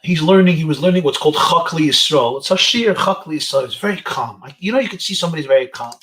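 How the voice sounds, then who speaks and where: A man with a somewhat high voice gives an inspirational talk to teenage boys over a webinar. He speaks as a rabbi, telling stories in an animated way and sprinkling in Yiddish and Hebrew phrases. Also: fast. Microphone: webinar video call.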